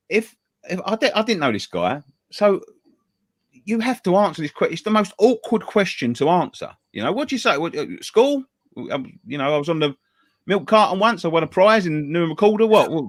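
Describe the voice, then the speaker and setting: Bloke telling a story on a fan show, lots of swearing and stammering, very lively voice, dry sound. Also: male voice, on the high side, fairly quick, dry recording. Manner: animated storyteller, stammers and repeats words, swears freely; acts out other people's lines in a raised voice. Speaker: show co-host. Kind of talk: casual pub-style chat, telling a story.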